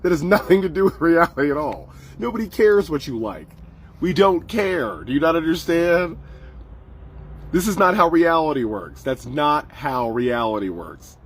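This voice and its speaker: Man, husky voice, fairly high pitch, mocking rant, rhetorical questions, commentary host. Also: very animated, moderate pace. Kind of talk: ranting political commentary.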